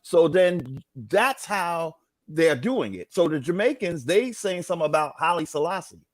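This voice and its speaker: A man's voice: a little high, animated, normal speed, no room sound. A man in casual chat, agreeable and rambling as he hunts for words.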